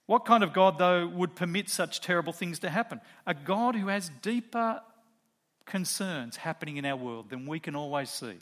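A middle-aged man delivering a sermon with a bright, forceful voice pitched a little high. He tells stories and presses the congregation with rhetorical questions. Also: lively intonation, moderate pace. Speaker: preacher.

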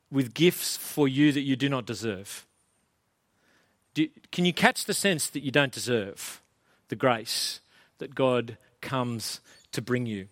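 A man's voice: medium pitch, fairly bright tone, no room sound, clean studio sound. A middle-aged man, preaching a sermon in a casual, chatty, self-deprecating way. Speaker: pastor.

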